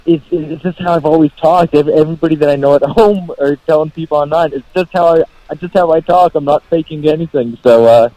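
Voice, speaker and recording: A man's voice: fairly high pitch, a little fast, hardly any pauses, dark tone, no room sound, poor audio. A man with a Canadian accent answering interview questions as a guest, laid-back and repeating words. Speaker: guest fighter.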